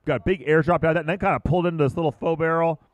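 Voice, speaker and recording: A man commentating live at a surf contest, chatting casually and bursting into excited shouts on big waves. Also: fairly high pitch, racing, dry recording, dull audio. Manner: calls big moves with sudden excited shouts.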